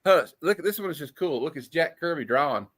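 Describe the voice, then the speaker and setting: A man hosting a casual streamed show, reading old comic panels aloud with quick put-on voices and frequent laughter. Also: a little high, lively intonation, a bit bright, no echo. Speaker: host. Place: streamed show, live online.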